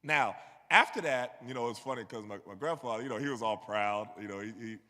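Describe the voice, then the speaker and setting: A man's voice: medium pitch, brisk, sharp tone. A man telling a personal story as a conversational sermon, often checking in with "you know what I mean.". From New York. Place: church sanctuary. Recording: long hall reverb.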